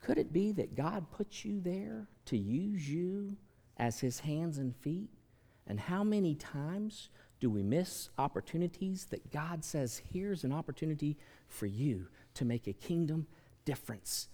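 Animated preaching man in a reverberant hall. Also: fairly high pitch, a little slow. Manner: animated preaching, swings from soft to loud. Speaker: pastor. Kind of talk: sermon. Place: large church sanctuary.

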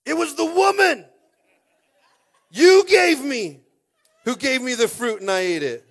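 A man voicing a whiny grown man who pleads and shouts as he blames someone else in a sermon. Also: extremely high pitch, expressive, unhurried, gravelly, voice pushed up, full character voice. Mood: whining. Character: whining grown man blaming others.

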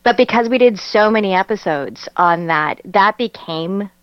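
A woman's voice: medium pitch, animated, moderate pace, clean tone, no room sound, lo-fi sound. A woman with a Canadian accent, a voice actress chatting as an interview guest, laughing often and telling stories with animation. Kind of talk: casual interview chat.

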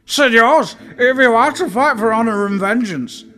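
A shrill, high, loud barroom vamp who purrs and shrieks her lines in over-the-top melodrama, as a male storyteller puts her on. Music plays underneath. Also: moderate pace. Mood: purring. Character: shrill theatrical female bar regular. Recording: music playing behind.

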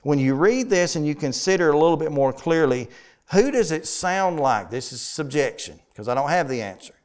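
A man leads a conversational sermon, pausing to ask his congregation questions. His voice sits slightly high and rings clear and smooth. When he reads scripture he slows down and leans on each phrase. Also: animated. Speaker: preacher teaching a Bible study.

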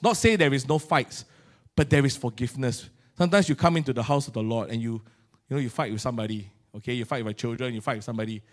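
A middle-aged man with a Singaporean English accent preaching a sermon in a colloquial, animated way, acting out little scenes. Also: medium pitch. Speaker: pastor.

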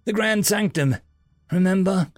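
A man voicing a young male familiar who talks in an earnest, halting, hesitant way. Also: sits high, dry recording, faint music behind, pitched above the performer's own voice.

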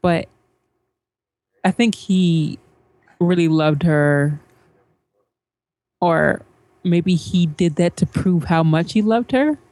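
Low-voiced woman chatting casually. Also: takes it slowly, pauses often, a little mellow, dry recording. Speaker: podcast co-host. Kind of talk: casual chat.

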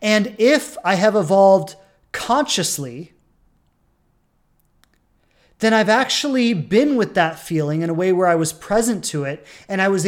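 An earnest relationship coach speaks in a reflective podcast monologue and leans on repeated phrases to drive each point home. The voice sits at a middle pitch. Now and then it jumps into a sudden loud burst before settling back to a calm, steady tone.

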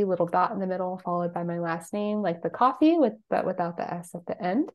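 Middle-aged woman, podcast guest, easygoing and chatty, with a gravelly, fried edge to her voice. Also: on the low side. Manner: relaxed, chatty, laughs often, uses "like" a lot. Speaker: podcast guest, spiritual coach. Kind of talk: casual interview chat.

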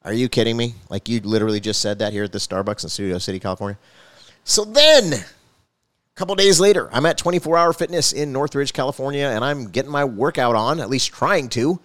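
Male pastor, quick earnest testimony, dry close sound. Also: medium pitch, lively intonation, a bit bright, no room sound. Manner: earnest storytelling with rising emphasis. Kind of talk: personal faith testimony.

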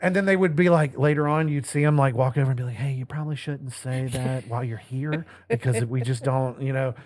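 A man's voice: mid-range voice, brisk, no echo. A man co-hosting a podcast, telling crude stories in casual banter and acting out the people he quotes. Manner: animated storyteller, acts out quotes. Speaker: podcast co-host.

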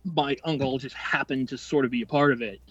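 A man's voice: medium pitch, fairly even intonation, breathy edge, no room sound, muffled recording. A man in his late twenties telling a long, profane story as a podcast guest, rambling and restarting as he goes. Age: 20s. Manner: profane, rambling, quick-tempered delivery. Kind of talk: casual storytelling.

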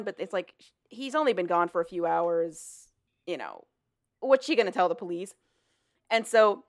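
A woman on a podcast retelling a book's plot in a casual, animated way, swearing and paraphrasing the characters. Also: mid-range voice, moderate pace, pauses often. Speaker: podcast co-host. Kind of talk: casual chat recapping a book.

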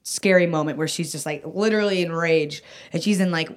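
A woman's voice: low voice, brisk. A woman telling a personal story in casual chat, rambling, full of "like" and "um", with frequent restarts and casual swearing.

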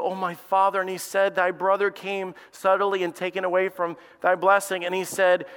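Pastor guy preaching, bright clear voice, kinda high, long echo in the sanctuary, goes from quiet reading to fired up. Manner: reads scripture softly, then preaches with rising intensity. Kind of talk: sermon.

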